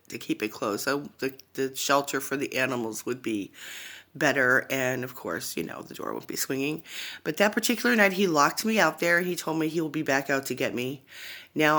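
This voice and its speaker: A woman speaking into her phone, telling a personal story in a halting, rambling way that keeps wandering off into asides. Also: low voice, bright, forceful tone. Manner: halting, rambling, often digressing. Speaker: vlogger sharing a personal testimony.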